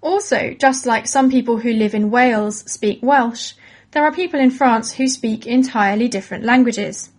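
A woman giving a clear, patient, scripted lesson for children. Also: a little high, normal speed. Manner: clear, patient and encouraging, like a teacher. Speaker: presenter of a children's educational podcast. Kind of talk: scripted educational narration for children.

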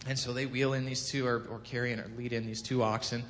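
A man giving a casual sermon, telling a scripture story with lively acted-out quotes and frequent self-corrections. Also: fast. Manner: animated storytelling, acts out quotes with rising pitch and volume; self-corrects, chuckles at own jokes. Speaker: preacher. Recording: long hall reverb.

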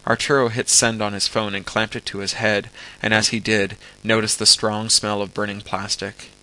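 A man reading a science fiction story aloud at a steady pace, acting out the dialogue. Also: fairly low pitch, normal speed, rough recording. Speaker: audiobook reader.

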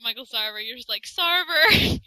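A woman's voice: fairly high pitch, fast talker, a crowd in the background, low-quality recording. A young woman chatting casually and teasing her friend. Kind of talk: casual chat.

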